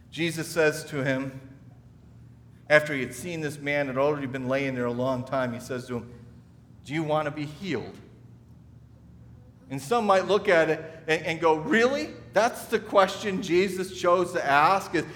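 Man preaching in a reverberant hall. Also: high-pitched. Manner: conversational storytelling with repeated restarts. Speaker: pastor. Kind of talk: sermon.

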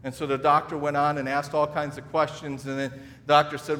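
A man's voice: a little high, level tone, brisk, fairly bright tone, big-room sound. A man preaching a sermon, telling a story in a conversational way with frequent restarts. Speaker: pastor.

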